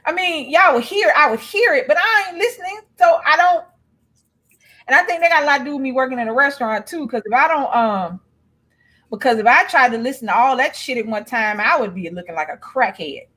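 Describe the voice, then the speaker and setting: Woman cohost, high voice, blunt and cussing, just chatting loose. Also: expressive, fairly quick, pushed and bright. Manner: blunt, profane storytelling with laughs. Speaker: co-host. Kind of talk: casual chat.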